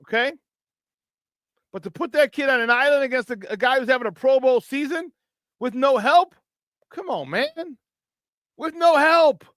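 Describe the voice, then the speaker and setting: A man's voice: extremely high pitch, moderate pace, long pauses, fairly bright tone, no room sound. A man hosting sports talk radio, ranting in frustration, swearing and mocking others in put-on voices. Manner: frustrated, profane, mocking impressions. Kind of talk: heated sports talk rant.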